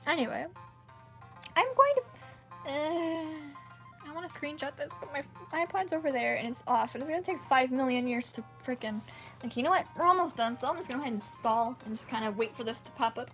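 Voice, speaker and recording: A young woman chats casually with her viewers on a game livestream from home. She rambles and apologizes often in a bright, high voice. Her pitch swings a lot. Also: expressive, fairly quick, soft background music. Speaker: streamer.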